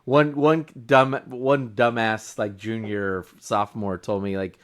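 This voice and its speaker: A man's voice: fairly low pitch, steady tone, measured pace, few pauses. Male co-host for a casual podcast, dry and teasing. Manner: wry, teasing humor. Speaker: podcast co-host and football coach.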